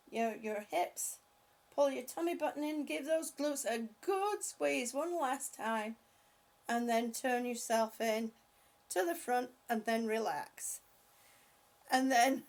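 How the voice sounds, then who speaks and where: An older woman hosting a casual livestream, calling out gentle stretches and chatting with viewers as she reads their comments aloud. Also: high voice. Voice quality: breathy at times. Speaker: livestream host leading stretches. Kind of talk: casual livestream chat and exercise cues.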